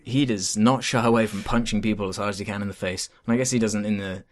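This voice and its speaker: A man's voice: fairly low pitch, steady tone, quick pace. A man chatting casually in a game review, hesitant with many fillers and restarts.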